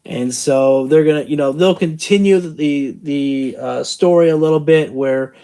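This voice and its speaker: A man's voice: on the high side, a little slow, warm tone, clear, resonant tone. A tired man hosting a casual show review, rambling and thinking aloud with many fillers. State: tired from the late hour. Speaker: wrestling channel host.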